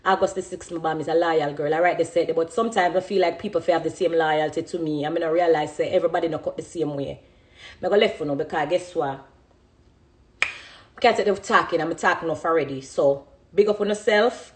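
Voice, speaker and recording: Low-pitched and brisk, this woman in her thirties is a dancehall artist with a Jamaican accent. She gives an impassioned monologue, emphatic and full of repeated phrases for emphasis.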